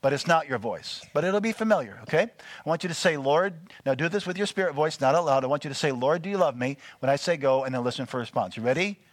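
A man's voice: a little high, expressive, fast talker, dry recording. A man preaching to a small church group, coaching them through listening exercises with frequent check-ins. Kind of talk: teaching sermon with group exercises.

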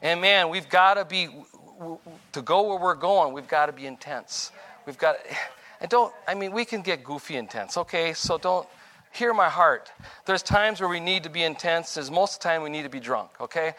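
A man's voice: a little high, lively intonation, normal speed, bright, forceful tone. An older man giving a rambling, informal testimony sermon, correcting himself as he goes and chuckling between points. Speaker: preacher.

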